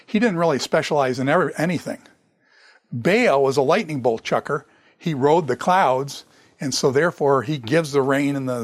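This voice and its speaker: A man giving a classroom Bible lecture, animated, chuckling and throwing in sarcastic asides. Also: medium pitch, husky, dry recording.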